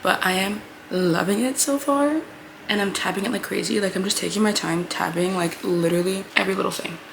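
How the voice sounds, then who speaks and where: A woman's voice: mid-range voice, brisk, gravelly, background noise. A young woman chatting in a casual reading vlog, bubbly and gushing, with lots of "like" fillers, recorded at home. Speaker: book vlogger.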